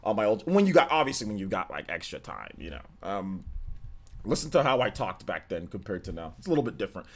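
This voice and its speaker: A man's voice: on the low side, big pitch swings, fast talker. A man from the United States hosting a casual live gaming stream, chatty and slangy, talking straight to his viewers.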